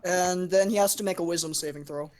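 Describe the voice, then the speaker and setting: Low-voiced young woman, rules-minded player. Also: fairly quick, background noise. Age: young adult. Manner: precise about game rules. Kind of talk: casual tabletop role-play.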